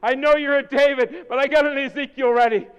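A preacher voicing God as a mighty, loving deity who speaks with bold reassurance. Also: male voice, extremely high pitch, steady tone, slow pace, a bit bright, shouting, dull audio, pitched above the performer's own voice, full character voice. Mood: tender. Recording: long hall reverb.

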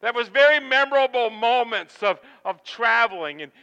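Middle-aged male pastor, smooth resonant tone, chatty sermon anecdotes. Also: very high voice, lively intonation, moderate pace, bright, forceful tone, in a large hall, highs cut off. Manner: folksy, rambling, acts out quotes. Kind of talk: storytelling sermon.

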